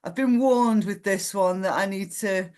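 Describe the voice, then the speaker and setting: A woman hosting an open mic poetry night at a mid-range pitch, chatty and informal with performers. She calls people mate and laughs easily between introductions. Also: unhurried, a little mellow. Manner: chatty, matey, laughs often. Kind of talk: casual hosting chat. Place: live poetry night venue.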